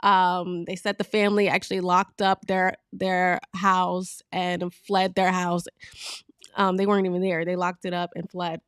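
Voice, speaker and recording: A woman from Virginia hosting her own talk show, telling news stories in a frank, animated way and laughing as she goes. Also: fairly low pitch, measured pace, clear, resonant tone, no room sound, studio quality. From Virginia, USA. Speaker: show host. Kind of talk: casual talk-show commentary.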